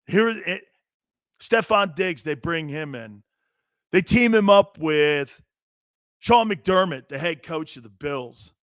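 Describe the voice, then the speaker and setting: A man's voice: fairly high pitch, animated, slow pace, a bit bright, dry recording, clean studio sound. A man hosting a sports talk show, delivering a brash, opinionated monologue full of rhetorical questions and slang.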